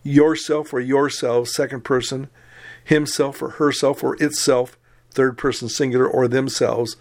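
Male lecturer, mid-pitched, methodical grammar teacher reciting forms. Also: fairly even intonation. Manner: methodical, explains slowly and spells out forms. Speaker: Greek teacher.

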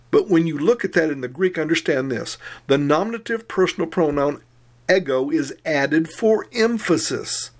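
A man teaching a recorded Greek grammar lesson, methodically reciting and explaining word forms. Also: on the high side.

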